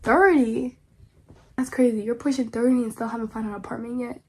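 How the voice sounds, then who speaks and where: A woman's voice: fairly high pitch, little pitch movement, fast talker, warm tone, slight background noise. A woman reading online posts aloud and reacting to them in casual, slangy commentary, often pleading dramatically with her viewers.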